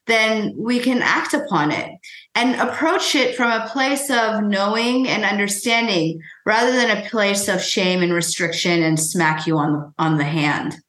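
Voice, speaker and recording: A woman who is a guest author, answering interview questions in a measured, reflective way. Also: medium pitch, a bit bright. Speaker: author and weight-loss guest. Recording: echoey room.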